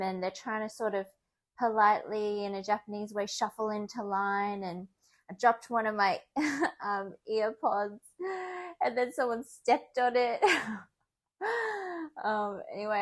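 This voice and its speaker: A young woman, chatting casually in a vlog, animated and often laughing as she acts out what others said. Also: mid-range voice, unhurried. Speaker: vlogger.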